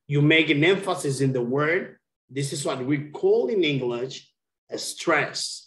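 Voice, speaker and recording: A man's voice: fairly high pitch, a little slow, fairly bright tone. A man teaching an English lesson over a video call, speaking patiently and repeating key words. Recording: roomy echo.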